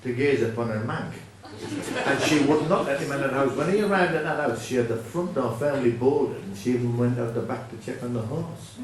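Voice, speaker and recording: A man who is a folk singer telling a rambling comic story on stage in a deadpan manner, with frequent self-corrections. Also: medium pitch, fairly quick, noisy background. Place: live venue with audience. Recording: echoey room from far off.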